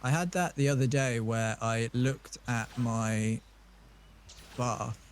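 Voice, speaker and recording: A man's voice: mid-range voice, slow, slight background noise. A man from southern England with a southern English accent, streaming a game and telling rambling, jokey stories in casual chat.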